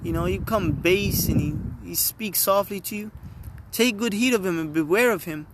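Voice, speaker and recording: A man's voice: high-pitched, moderate pace, background noise. A man reading scripture and preaching with emphasis, often checking in with his listeners. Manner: emphatic, repeatedly asks "all right?". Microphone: phone.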